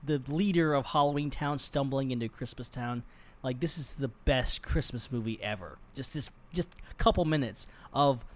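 A man co-hosting a podcast, excitable, acting out bits as he chats. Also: mid-range voice, normal speed. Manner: excitable, acting out lines as he talks. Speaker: podcast co-host. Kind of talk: casual chat.

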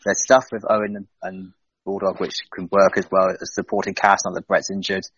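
A man's voice: low voice, level tone, brisk, fairly bright tone, slightly rough, no room sound. A man co-hosting a casual podcast chat, talking with enthusiasm that builds as he goes, on a dull lo-fi recording. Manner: enthusiastic, building energy, laughs easily. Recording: dull lo-fi dry sound.

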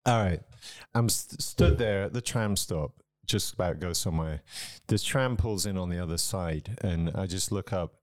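A young man with a fairly low voice co-hosts a comedy podcast. He rants in a loose, casual way, swearing often and telling animated stories. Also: moderate pace, few pauses, dry recording. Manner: profane, ranting, animated storytelling. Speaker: podcast co-host.

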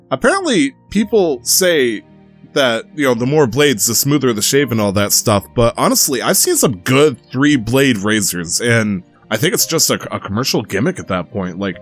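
A man in his casual podcast-host voice, joking and teasing his friends with easy laughs. His pitch sits in the middle range. A faint bed of music plays under the talk. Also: a bit bright. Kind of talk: casual chat.

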